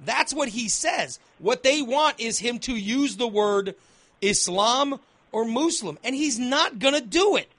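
A man's voice: extremely high pitch, lively intonation, a little slow, fairly bright tone, dry recording. A man hosting a talk radio show, arguing his point emphatically and repeating phrases as he builds his case. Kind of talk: opinionated talk radio debate.

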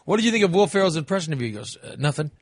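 A man hosts a radio show in casual, animated chat, often breaking off and restarting his sentences. His pitch is fairly high and rises and falls a lot. The sound is dry and close. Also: dry recording. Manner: animated, restarts often, does quick impressions.

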